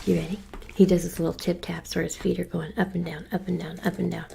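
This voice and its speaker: A woman's voice: fairly low pitch, flat delivery, fast talker, creaky, dark tone, a little hiss or hum. A woman hosting her own true crime channel, chatting casually and rambling to viewers while fussing over her dog.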